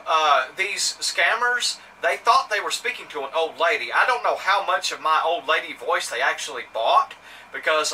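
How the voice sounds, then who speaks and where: A Mississippi vlogger whose voice runs high, pushed, and bright recounts a story to camera in his Southern accent. Indignant and meandering, he leans on fillers and keeps restarting, while a somewhat distant mic catches faint ambient sound.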